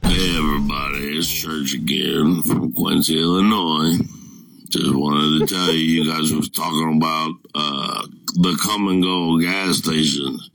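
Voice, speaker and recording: A middle-aged man from the Midwest with a very low, rough, gravelly voice, easing through his words at an unhurried pace. He talks in a folksy, chuckling way. The recording is dry and close. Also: fairly even intonation, a bit bright, dry recording, soft background music. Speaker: caller. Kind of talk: voicemail to a radio show.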